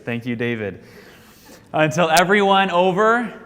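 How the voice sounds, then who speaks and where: An American man leads a church class in a quiz-style review, pausing mid-sentence so the group can call out the answer. His voice sits a bit high and sounds bright and forceful. A long hall reverb trails behind each phrase. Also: very animated. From United States. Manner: quizzing, leaves sentences hanging for the class to finish. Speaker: Sunday school teacher. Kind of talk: question-and-answer Bible review.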